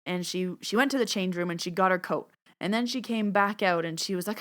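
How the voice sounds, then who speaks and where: A woman hosting her own podcast, telling a personal story in a chatty, animated way and acting out what people said. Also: medium pitch, fairly quick, hardly any pauses. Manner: chatty, animated, acts out quoted dialogue. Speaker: podcast host and medium. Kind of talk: casual storytelling monologue.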